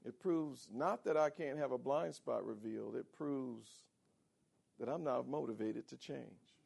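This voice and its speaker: A man preaching a sermon as pastor, animated and calling on the congregation for responses. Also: mid-range voice, measured pace, vocal fry, slightly rough. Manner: animated, calls for audience responses.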